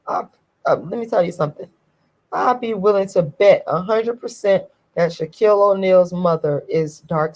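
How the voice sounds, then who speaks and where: A woman's voice: on the low side, rough recording. A woman vlogger giving a ranting commentary to her viewers, emphatic and indignant, repeating her points over and over.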